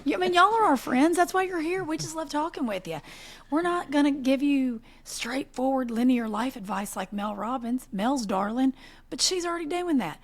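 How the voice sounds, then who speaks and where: A woman in her forties co-hosting a podcast, telling animated stories in casual chat and laughing often. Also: high voice, normal speed. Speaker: podcast co-host.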